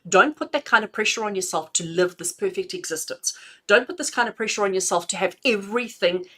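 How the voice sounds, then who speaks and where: A middle-aged woman with a bright, clear tone gives intuitive messages on a live stream. She talks in a chatty, affectionate way and laughs easily between readings. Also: mid-range voice, animated, brisk. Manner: affectionate, chatty, calls listeners "my darling". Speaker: intuitive reader.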